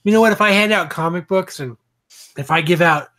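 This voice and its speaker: Higher-voiced man swearing through a story. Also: fairly quick, bright, forceful tone. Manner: swears freely while telling stories. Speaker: podcast co-host. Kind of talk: casual chat.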